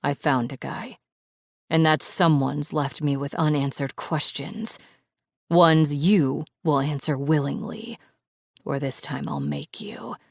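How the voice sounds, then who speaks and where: A woman's voice: sits low, fairly even intonation, slow pace, gravelly, no echo, clean studio sound, exaggerated voice. A woman voicing a furious, threatening man who growls and swears at someone over the phone in an audiobook. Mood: angry, menacing. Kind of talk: audiobook narration.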